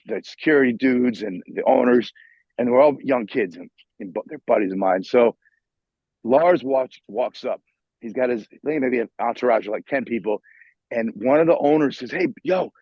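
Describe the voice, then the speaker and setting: A middle-aged New man tells a swearing, restart-filled story over a video call. His husky voice sits at an ordinary pitch, and the line sounds dull and dry. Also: moderate pace, dry recording. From New York. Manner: profane, animated storyteller with many restarts. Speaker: guitarist guest. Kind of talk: casual interview storytelling. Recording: muffled video call audio.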